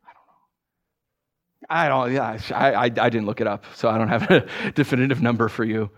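A middle-aged man giving a sermon as a pastor, telling stories with animated energy, acting out scenes with sound effects and often restarting his phrases. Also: mid-range voice, normal speed. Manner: repeats words, restarts phrases.

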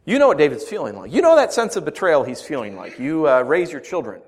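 Male pastor, 30s, lively sermon delivery with big pitch swings, loud bursts and hushed asides. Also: fast talker, hardly any pauses. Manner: animated, swings from loud outbursts to quiet asides.

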